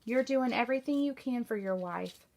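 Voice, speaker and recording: A woman's voice: fairly high pitch, moderate pace, a little mellow, natural voice. A woman reading as a kind young housemaid. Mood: gentle. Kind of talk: reading a novel aloud.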